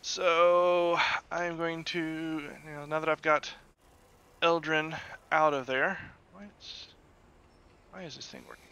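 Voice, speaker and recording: A man's voice: fairly high pitch, steady tone, takes it slowly, sharp tone, slight background noise. A man playing a tabletop game who chats casually and thinks aloud while checking the rules. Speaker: player.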